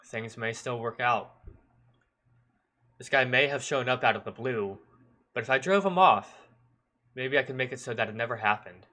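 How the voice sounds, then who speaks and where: A man streamer reading a visual novel aloud in measured narration with occasional stumbles. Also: medium pitch, fairly even intonation, pushed and bright.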